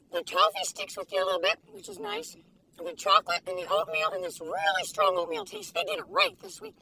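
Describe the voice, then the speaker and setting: A woman taste-testing food in a casual vlog, talking in an excitable, giggly, gushing way. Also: very high voice, gravelly. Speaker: food reviewer. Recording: distant mic with faint background noise.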